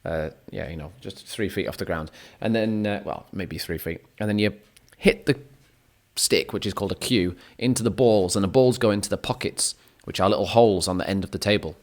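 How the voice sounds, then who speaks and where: A man's voice: low-pitched, fairly quick. A man chatting casually as a teacher to his viewers, rambling, correcting himself and making joking asides. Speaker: English teacher. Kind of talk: casual chat.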